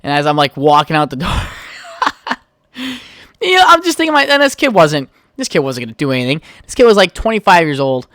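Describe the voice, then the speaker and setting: A man's voice: a little high, big pitch swings, brisk, fairly bright tone, no room sound, studio quality. A young man hosting his own podcast, telling a heated, profane story in a casual rant. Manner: profane, heated storytelling, trails off while texting. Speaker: podcast host.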